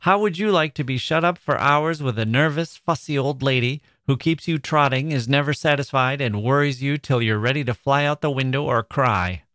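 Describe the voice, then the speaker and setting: A man's voice: mid-range voice, moderate pace, hardly any pauses, fairly bright tone, no echo, clean studio sound, voice pushed up, natural voice. A man reading aloud and voicing a blunt, bookish tomboy girl who grumbles. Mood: grumbling.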